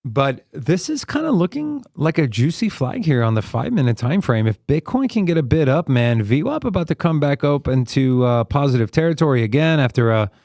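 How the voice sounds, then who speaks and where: A male trader on a live stream, casually working through charts and stopping to think mid-sentence. His pitch sits in the middle of the range, and the recording is dry, with no room echo. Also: fairly quick, few pauses. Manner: relaxed, thinks aloud with fillers while reading charts. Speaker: co-host and trader on a live trading show.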